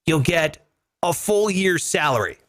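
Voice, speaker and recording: Animated joking male podcast host. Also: a little high, measured pace. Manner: animated, swearing, joking rants. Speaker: comedy finance show host. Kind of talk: casual comedic podcast talk.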